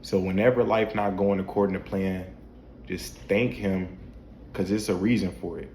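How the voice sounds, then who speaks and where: A man's voice: low voice, fairly even intonation, normal speed, darkish tone, reverberant, a little hiss or hum. A man talking casually about faith to camera at home, repeating himself and asking rhetorical questions. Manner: repetitive, preachy, with restarts and rhetorical questions. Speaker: faith vlogger. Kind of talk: casual spiritual talk to camera. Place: home at night, dim room.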